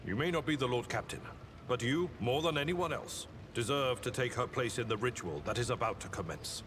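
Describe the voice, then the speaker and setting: A man's voice: medium pitch, expressive, a little fast, a little hiss or hum, lightly acted. Stern, dutiful ship officer, formal and commanding, voiced by a man, mid-range voice, long reverb tail. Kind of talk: video game voice acting. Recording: long reverb on game dialogue.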